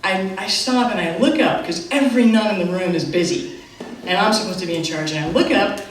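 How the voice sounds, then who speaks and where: A middle-aged woman telling a live personal story on stage, animated and self-mocking, with quick asides. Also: medium pitch, a little hiss or hum. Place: theater stage. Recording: echoey theater from far off.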